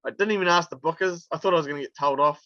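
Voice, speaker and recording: Chatty New man, bright voice. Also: a little high, very fast, no room sound, lo-fi sound. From New Zealand. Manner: chatty, laughs through anecdotes, many fillers. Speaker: interview guest, wrestler. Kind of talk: casual storytelling interview.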